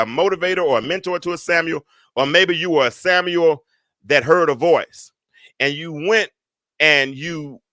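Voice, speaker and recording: A man hosting a podcast, teaching from the Bible in a preacher's cadence, repeating phrases for emphasis and slowing down to read scripture. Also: high-pitched, sharp tone, no room sound. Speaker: podcast host.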